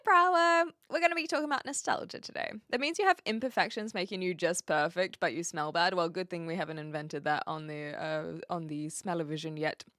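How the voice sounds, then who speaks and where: A woman's voice: fairly low pitch, a bit bright, no room sound, clean studio sound. Chatty woman with a light Kiwi accent. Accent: light New Zealand. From New Zealand. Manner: chatty, laughs often, trails off mid-sentence. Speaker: streamer. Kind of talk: casual live-stream chat with viewers.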